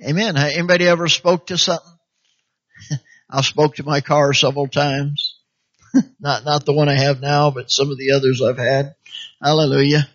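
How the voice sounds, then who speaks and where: A man's voice: on the high side, steady tone, moderate pace, pauses often, fairly bright tone. A man preaching a sermon, urging his listeners on and filling his talk with amens and hallelujahs, often acting out what people might say. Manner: exhorting, calls for "amen" and "hallelujah", acts out quoted voices. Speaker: pastor. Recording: dull lo-fi sound.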